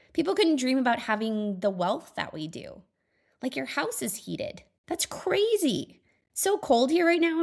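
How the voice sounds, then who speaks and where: Chatty, upbeat woman thinking out loud. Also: high voice, vocal fry. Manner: chatty, upbeat, laughs often, many fillers; reflective, earnest. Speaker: podcast host. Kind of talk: casual solo monologue.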